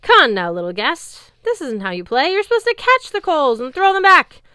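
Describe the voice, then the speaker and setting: A woman voicing a drunk, brutish male giant who hurls loud, mocking and furious taunts. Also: high-pitched, wildly swooping pitch, normal speed, dry recording, clean studio sound, pitched above the performer's own voice, exaggerated voice.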